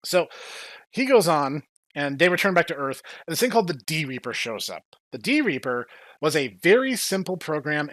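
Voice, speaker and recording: A man's voice: fairly high pitch, dry recording. A man hosting a casual podcast who jokes around and acts out scenes as he recaps. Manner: animated, joking, acts out scenes. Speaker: podcast host.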